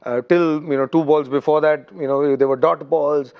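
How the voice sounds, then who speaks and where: Halting middle-aged cricket pundit, man. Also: fairly high pitch, fairly even intonation, smooth, dull audio. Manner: thinks aloud with fillers and restarts. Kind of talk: studio analysis chat.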